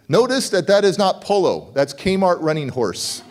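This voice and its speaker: High-voiced man telling a story onstage. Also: measured pace, a little hiss or hum. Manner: animated, acts out voices in dialogue. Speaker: motivational speaker. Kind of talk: storytelling keynote speech.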